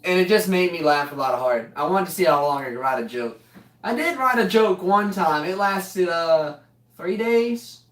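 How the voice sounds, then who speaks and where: A man's voice: high-pitched, expressive, normal speed, fairly bright tone. A young man telling a rambling, joking story as a vlogger, often breaking into laughter. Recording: roomy, voice distant from mic.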